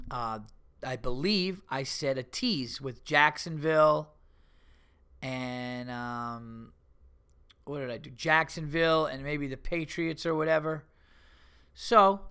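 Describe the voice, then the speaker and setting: A middle-aged man hosts a podcast alone, telling stories into the mic with lots of swearing in a loose, animated way. His voice is clear and resonant, bright with a forward edge, and sits a little high for a man.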